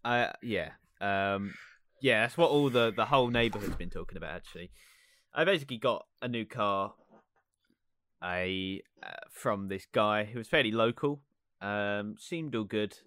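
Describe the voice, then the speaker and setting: A man's voice: on the low side, moderate pace, a bit bright, no echo. Rambling young guy. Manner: rambling, laughing often, many fillers. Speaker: podcast co-host. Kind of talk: casual chat, storytelling.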